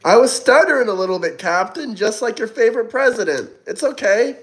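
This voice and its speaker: A man's voice: very high voice, lively intonation, fairly quick. A young man hosting a casual livestream, reading chat aloud and answering in a mocking, taunting way with frequent swearing.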